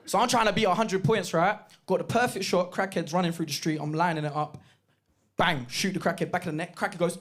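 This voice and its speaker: A man performing a lively stand-up set, telling stories with shouted impressions. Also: high voice, a little fast. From Jamaican heritage, East London. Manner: animated storytelling with bursts of shouted impressions. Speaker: stand-up comedian. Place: comedy club stage. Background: audience laughter.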